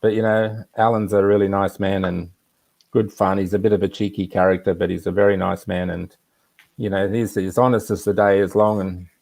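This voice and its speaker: A man's voice: sits low, flat delivery, brisk, gravelly, darkish tone. A man casually telling a personal anecdote on a live video chat, rambling with asides. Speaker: regular guest.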